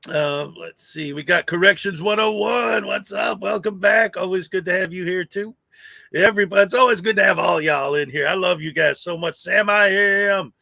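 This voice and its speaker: A man's voice: sits high, moderate pace, creaky, sharp tone, dry recording. A man hosting a morning livestream, cheerfully greeting chat viewers by name in casual talk. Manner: upbeat, greets viewers by name, laughs often. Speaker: livestream host. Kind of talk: casual live chat shout-outs.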